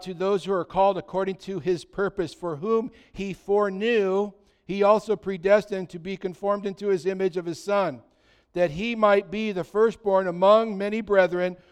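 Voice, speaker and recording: A preacher with a high, clear voice delivers a sermon. He reads scripture aloud and slips into casual, chatty stories full of fillers. He swings from loud proclaiming to quiet, confiding asides. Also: fairly even intonation, moderate pace.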